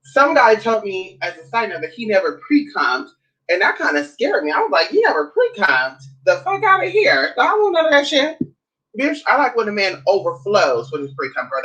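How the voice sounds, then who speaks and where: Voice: mid-range voice, pushed and bright, rough recording. A vlogger talking in a sassy, blunt, casual way, swearing often and calling listeners honey and girl. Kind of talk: casual chat vlog.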